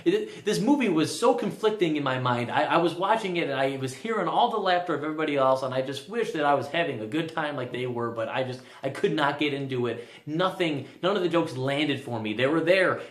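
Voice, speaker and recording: A young man talks through a movie review in a loose, rambling way. He stumbles over repeated restarts and leans on filler words. His voice sits a little high, and the room around him sounds echoey. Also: brisk, hardly any pauses. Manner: rambling, stammers with restarts, frequent "like". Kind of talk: casual spoken film review.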